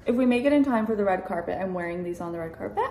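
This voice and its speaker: This is a woman from Colorado with a Mountain West accent, talking casually in a home vlog. She is playful and giggly, with a mid-pitched voice. Faint kitchen noises sit in the background. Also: expressive, very fast, darkish tone, slight background noise. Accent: American Mountain West. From Colorado, USA. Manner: playful, giggly, trying out Arabic words. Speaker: vlogger. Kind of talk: casual couple vlog chat.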